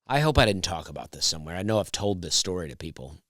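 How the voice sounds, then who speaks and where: A man with a smooth, low baritone tells a story in an easygoing, rambling way and slips in wry asides. He sounds like a comedian chatting on his own podcast. The sound is close and dry, with no room around it. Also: very animated, fast talker, fairly bright tone, no echo. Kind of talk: casual storytelling monologue.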